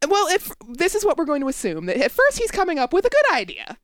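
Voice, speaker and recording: A woman's voice: very high voice, wildly swooping pitch, fast talker, no echo. A woman co-hosting a comedy podcast, summarizing a story and teasing her co-host's reading. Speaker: podcast co-host. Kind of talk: casual comedic chat.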